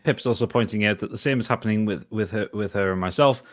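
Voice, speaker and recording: A man's voice: fairly low pitch, fast talker. A man with a Geordie accent, co-hosting a podcast in casual, laughing chat. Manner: chatty, laughing, swears freely. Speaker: podcast co-host.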